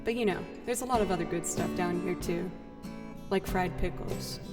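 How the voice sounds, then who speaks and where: A woman's voice: on the low side, fast talker. A young woman from the Boston area with a Boston accent, chatting casually with viewers on her music livestream, full of likes and you-knows. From Boston area, USA.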